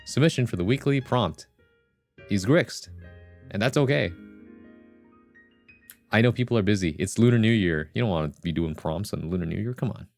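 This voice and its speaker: A man with a fairly low voice chats casually with his viewers on a live stream. He rambles and jokes, often breaking into laughter. Faint music plays in the background. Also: normal speed, creaky, pauses often, darkish tone. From Vietnamese heritage. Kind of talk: casual livestream chat.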